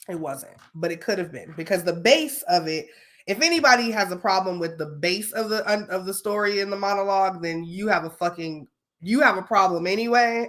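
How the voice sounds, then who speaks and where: Lady podcast host, lowish voice, swears a lot, animated casual storytelling. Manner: animated, swears freely, checks in with listeners.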